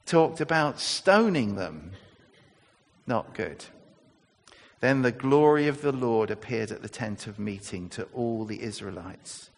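A man's voice: mid-range voice, lively intonation, measured pace. A man preaching a sermon, telling the story conversationally with fillers and restarts. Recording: echoey church hall.

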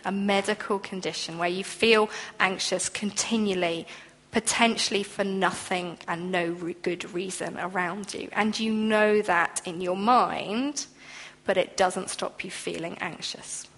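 A woman's voice: medium pitch, a bit bright. A woman preaching a sermon in an earnest, conversational way, now and then acting out quoted voices. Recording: long hall reverb.

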